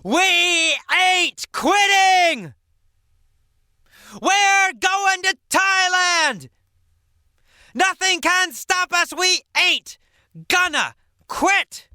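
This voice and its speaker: A man voicing a determined young male penguin who yells that he will never give up. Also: very high-pitched, extremely slow, long pauses, no room sound, clean studio sound, voice pushed up, heavily acted. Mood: defiant. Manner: yelling, stubborn, slangy.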